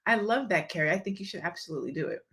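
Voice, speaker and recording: Talking rapid-fire in a lowish, expressive voice with a fairly bright tone, this livestream host and speaker gives a candid motivational talk. She reads viewer comments out loud, and her speech carries a slight lisp.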